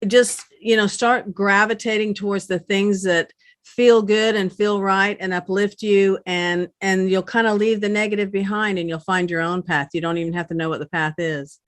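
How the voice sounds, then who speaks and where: A woman's voice: medium pitch, fairly even intonation, normal speed, no echo, clean studio sound. A woman co-hosting a podcast, chatting in a supportive, reflective way. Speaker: podcast co-host. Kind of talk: casual interview chat.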